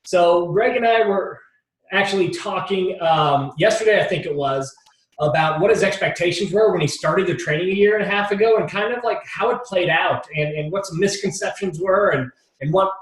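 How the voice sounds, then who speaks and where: A man hosting an interview, introducing a guest in a relaxed way with lots of fillers. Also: sits high. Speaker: host. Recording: echoey room, distant mic.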